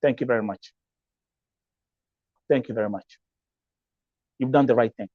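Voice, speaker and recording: A man's voice: medium pitch, normal speed, dry recording, narrow, tinny audio. A man from Kenya with a Kenyan English accent hosts a live-stream talk show, speaking emphatically, repeating himself, mixing in Swahili phrases and reading out viewer comments.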